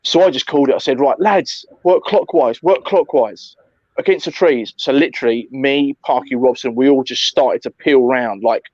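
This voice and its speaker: A man recounting an airsoft game in casual chat, animated, swearing often and calling his friend mate. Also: medium pitch, normal speed, no room sound, lo-fi sound.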